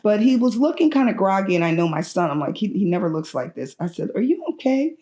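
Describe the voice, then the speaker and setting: A middle-aged woman, a patient's mother, recounts a personal story in an anxious, animated way and acts out other people's lines. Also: lowish voice, fast talker. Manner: anxious and urgent, frequent restarts.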